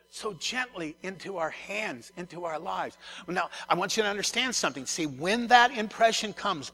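A man's voice: sits high, vocal fry, sharp tone. A man, a pastor, preaching a conversational sermon to his congregation, often repeating words and turning to the listeners.

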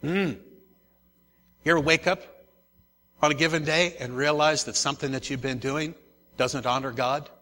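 A man's voice: on the high side, fairly even intonation, moderate pace, pauses often, pushed and bright. A male pastor preaching a sermon, emphatic and repeating his key phrases, speaking familiarly to his congregation in a church. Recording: long echo of a large church hall.

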